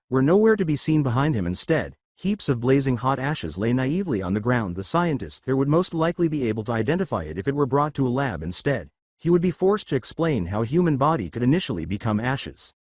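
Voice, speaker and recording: Male narrator for fan fiction, lively pitch, dry close sound. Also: no room sound.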